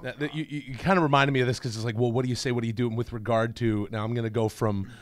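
A middle-aged man chatting as a podcast guest, telling animated stories with sudden yelps, his voice wavering as if choked up. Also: medium pitch, rapid-fire, dry recording, clean studio sound. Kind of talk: casual podcast chat.

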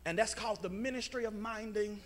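A male pastor, preaching a sermon in a church and calling out to the congregation, slipping into sung and shouted phrases. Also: high-pitched, brisk. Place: church sanctuary.

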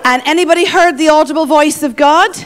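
A woman's voice: sits high, brisk, a faint crowd. A woman with an Irish accent, a guest speaker teaching a church audience in a playful, joking way. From Ireland. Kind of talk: teaching session.

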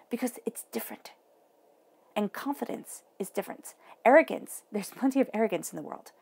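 Gravelly, husky woman reading tarot. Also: a little high, animated, a little fast. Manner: emphatic, encouraging, often drops to a soft near-whisper. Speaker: tarot reader.

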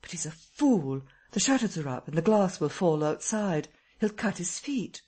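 A man voicing an alarmed doctor trapped in his house, agitated and speaking higher than his own voice. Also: big pitch swings, normal speed, a little mellow, husky, full character voice.

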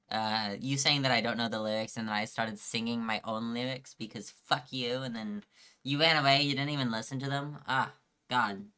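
Bright-voiced playful male streamer. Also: medium pitch, fairly even intonation, normal speed, clear, resonant tone. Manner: playful, teasing, mock-dramatic complaining. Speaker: game streamer. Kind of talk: casual live-stream chat.

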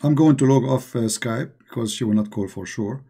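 A man's voice: medium pitch, normal speed, vocal fry, warm tone, breathy edge. A man hosting a live online discussion, speaking in a mocking, emphatic and repetitive way, with non-native English grammar. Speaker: online debate host.

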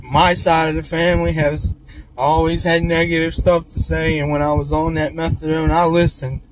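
A man, talking in a halting, emotional, tearful way in a confessional vlog, full of restarts and apologies. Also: a little high, level tone, low-quality recording. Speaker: vlogger in recovery. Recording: outdoor recording with loud traffic noise.

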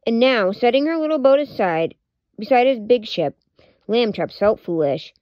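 A woman's voice: fairly high pitch, animated, moderate pace, no room sound. Woman reading a kids' storybook aloud; dull, dry home recording. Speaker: storybook reader. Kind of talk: children's read-aloud.

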